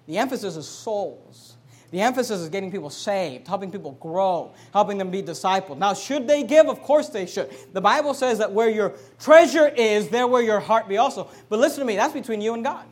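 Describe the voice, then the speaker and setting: A male pastor with a notably high-pitched voice delivers a fiery sermon in his church. He preaches emphatically, swinging between sudden loud, drawn-out declarations and quieter, conversational asides to the congregation. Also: animated. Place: church sanctuary.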